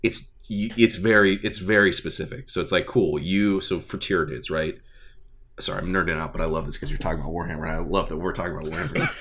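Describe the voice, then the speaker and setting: A man chatting casually and excitedly about a tabletop game, rambling with lots of fillers. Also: sits low, quick pace, a little hiss or hum. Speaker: tabletop gaming enthusiast. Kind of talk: casual chat.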